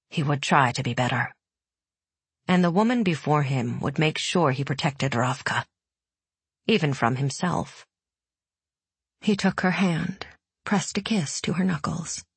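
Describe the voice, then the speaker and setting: A woman narrating an audiobook in a measured, even storytelling manner, recorded close to the mic. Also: low-pitched, breathy edge, no room sound. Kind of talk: scripted narration.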